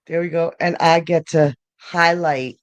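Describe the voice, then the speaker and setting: A woman co-hosting a casual live-stream chat, teasing with drawn-out exclamations. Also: low voice, steady tone. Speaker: co-host.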